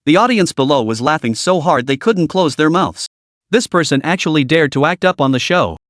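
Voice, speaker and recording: A man's voice: fairly high pitch, expressive, moderate pace, a bit bright, no room sound, studio quality. A man narrating a comic story recap in a scripted storytelling style, voicing every character himself.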